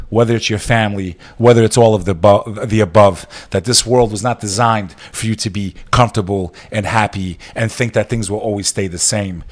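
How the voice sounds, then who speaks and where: A man hosting a live stream monologue, switching between fiery, profane exhortation and somber, quiet reflection on loss. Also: lowish voice. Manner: subdued and somber when speaking of loss.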